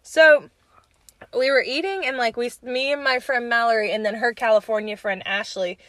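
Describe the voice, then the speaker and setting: A woman's voice: fairly high pitch, fairly even intonation, moderate pace, fairly bright tone, no room sound, studio quality. A young woman from Georgia, co-hosting a podcast and telling a story in a rambling, casual way full of "like.". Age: young adult. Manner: rambling, many "like"s, laughs mid-story. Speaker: podcast co-host.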